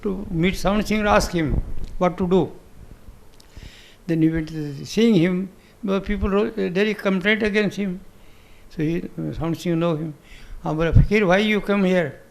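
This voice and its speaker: High, gravelly man telling a story. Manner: halting broken English, many restarts. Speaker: spiritual master answering questions. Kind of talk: storytelling in a spiritual gathering.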